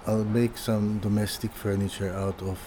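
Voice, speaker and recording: Against a noisy background, an older man speaks in a voice on the low side with a flat delivery. He's a furniture designer and interview guest telling a casual story, halting often to restart sentences and repeat words.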